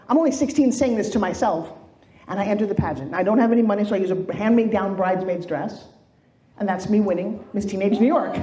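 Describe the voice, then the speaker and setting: Woman, motivational speaker, warm mellow voice, lively storytelling, echoey room. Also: a little high, a little fast. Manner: animated storytelling, acts out quoted voices. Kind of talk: motivational keynote speech. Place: stage in a large room.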